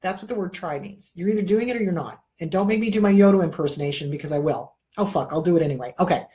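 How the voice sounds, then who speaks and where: A middle-aged woman hosts an advice show in casual talk, blunt and quick to swear. She hammers her points home by repeating them. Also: lowish voice, sing-song, darkish tone. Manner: blunt, profane, emphatic repetition. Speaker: therapist host. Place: indoor room.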